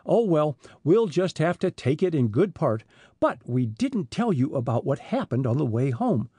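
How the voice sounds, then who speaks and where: A man's voice: a little high, big pitch swings, normal speed, dark tone, husky, no echo. A man reading the part of an eager, insistent teenage boy, the younger brother.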